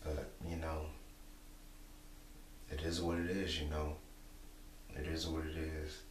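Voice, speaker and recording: A young man talking casually to camera, repeating himself and filling pauses with "you know". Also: very deep voice, monotone. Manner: repetitive, rambling, many "you know" fillers. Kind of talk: casual monologue vlog. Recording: echoey room, distant mic, faint hum.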